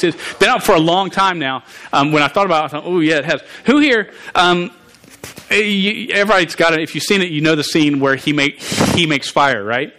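His voice now sounds fairly high, pushed, and bright as he preaches in a chatty style. He halts, stumbles, and restarts words often, turning questions toward the people listening.

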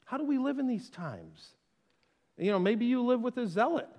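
A man preaching a sermon as pastor, conversational and playful, with quick asides and acted-out quotes. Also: extremely high pitch, animated, darkish tone, in a large hall.

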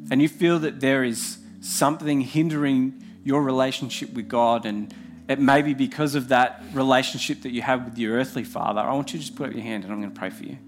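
A man's voice: medium pitch, steady tone, brisk. Earnest preacher man. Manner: earnest, heartfelt preaching with repeated phrases. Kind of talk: sermon.

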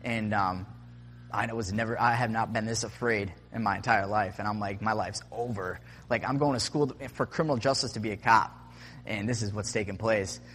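A man's voice: on the low side, fairly even intonation, moderate pace, a bit bright, a little hiss or hum. A young man telling a personal story in a casual, rambling way, filling it with "like" and acted-out quotes. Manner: rambling, full of "like" and "I'm like" quotes. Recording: long reverb.

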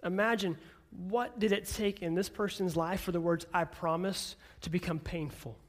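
A male pastor in his thirties giving an earnest sermon, speaking gently and then building to emphatic declarations. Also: high-pitched, normal speed.

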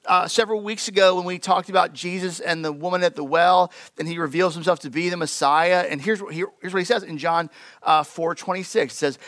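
Chatty, animated male pastor preaching. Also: sits high, fairly quick, dry recording. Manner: conversational, animated, lots of fillers. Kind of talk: sermon.

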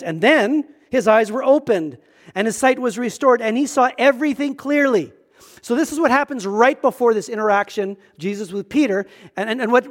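A male pastor preaching a sermon in a church, earnest and emphatic, often repeating words as he starts a thought. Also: extremely high pitch.

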